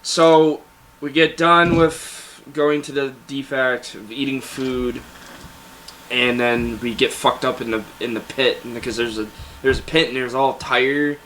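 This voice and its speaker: Young man, bright forceful voice, casual storytelling, animated, faint background noise. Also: medium pitch, measured pace. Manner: laughing, animated anecdote telling. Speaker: guest.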